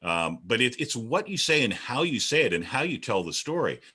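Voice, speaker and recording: A veteran radio broadcaster, a man, projecting loudly in a panel discussion. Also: very animated, normal speed, slightly rough. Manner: projecting, booming delivery. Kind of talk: panel discussion over video call.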